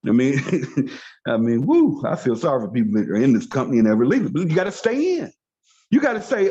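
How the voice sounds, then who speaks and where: On a video call, a network marketing trainer gives an emphatic motivational training talk, repeating key phrases to drive them home. His mid-range, mellow voice is brisk with big pitch swings, and the call audio is dull and lo-fi.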